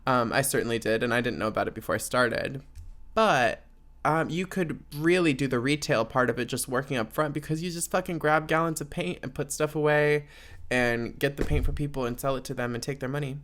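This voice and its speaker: A man's voice: mid-range voice, steady tone, brisk, fairly bright tone. A man hosting a casual solo podcast, rambling and sarcastic with plenty of fillers. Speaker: podcast host.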